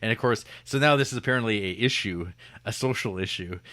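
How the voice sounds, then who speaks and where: Brief: male podcast co-host, low voice, rambling and jokey, dry close-mic sound. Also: brisk, fairly bright tone, dry recording. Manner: rambling, jokey, lots of fillers and restarts. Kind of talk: casual film review chat.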